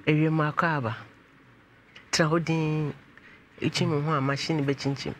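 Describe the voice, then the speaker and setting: A man hosting a call-in advice show, speaking in an animated way, shifting between calm musing and loud exclaiming. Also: a little high, moderate pace, slight background noise. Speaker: radio talk show host.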